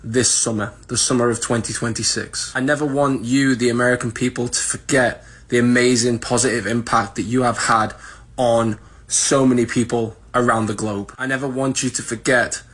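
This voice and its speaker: A man's voice: medium pitch, little pitch movement, moderate pace, a bit bright, husky. A British man delivering an earnest, speech-like video message.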